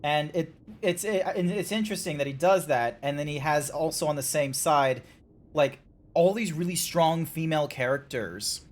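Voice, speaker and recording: A man hosting a game stream, chatting casually in a rambling, animated way with quick restarts. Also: on the high side. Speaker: streamer and host.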